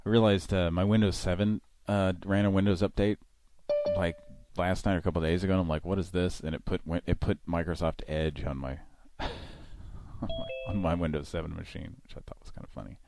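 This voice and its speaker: Deep-voiced man rambling casually. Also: flat delivery, fairly quick, music in the background. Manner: rambling, many fillers and restarts. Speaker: host. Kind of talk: casual live show chat.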